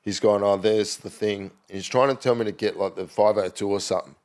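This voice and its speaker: A middle-aged man with an Australian accent and a fairly low voice rambles through stories as a podcast guest. He talks casually, full of ums, uhs and restarts, and he slips into the voices of people he is quoting. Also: steady tone, brisk, darkish tone. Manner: rambling anecdotal storytelling with many fillers. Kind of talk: casual chat.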